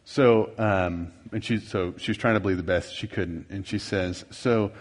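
A man's voice: deep voice, fairly even intonation, moderate pace. A middle-aged man teaching a marriage workshop in a folksy, rambling way, with many fillers and self-deprecating asides. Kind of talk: conversational seminar teaching. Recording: reverberant hall.

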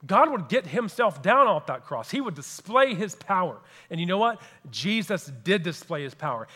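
High-voiced pastor preaching in a reverberant hall. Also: male voice, sing-song, normal speed, bright, forceful tone. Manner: earnest, repeats key phrases for emphasis. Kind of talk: sermon.

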